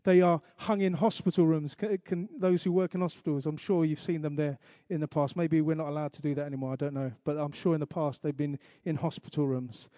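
Man, pastor, sermon, earnest, slow emphatic recitation, warm tone, dry sound. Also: a little high, fairly even intonation, no echo.

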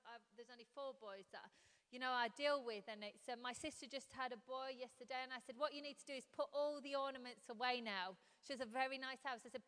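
A woman with a high, smooth voice preaches to a congregation in a conversational sermon style. She often stops to ask rhetorical questions. The sound carries a long reverb from a church hall. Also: fairly bright tone.

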